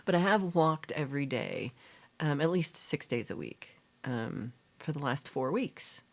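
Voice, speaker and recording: Hosting a relaxed livestream chat, this woman speaks at a measured pace in a low, expressive voice. She reads out viewer comments and responds, wandering along with fillers and correcting herself.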